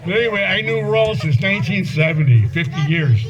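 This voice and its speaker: A man's voice: sits high, expressive, a little fast. A man in his seventies giving a eulogy for an old friend at a memorial gathering, rambling through anecdotes with chuckles and fillers. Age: 70s. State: voice breaking with emotion at times. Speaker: eulogy speaker, old friend and former police partner. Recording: muffled event recording with loud background noise.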